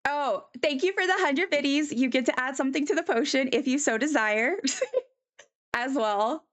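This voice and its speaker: A woman's voice: sits high, normal speed, a bit bright. A woman chatting casually on a live stream as she draws, rambling with many ums and answering chat.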